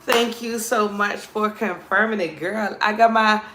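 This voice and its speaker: A woman's voice: medium pitch, steady tone, a little slow, reverberant, noisy background. A woman with a New Orleans accent, chatting casually and playfully with viewers on a live stream as a comedian host. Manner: chatty, playful, calls viewers "girl" and "child".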